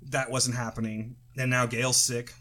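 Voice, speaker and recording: Recovering from the flu, a middle-aged man rambles through a casual podcast chat, tired and loose. His pitch sits in the middle for a man, and he swears freely and restarts his sentences often. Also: little pitch movement, moderate pace, bright, forceful tone. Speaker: podcast co-host.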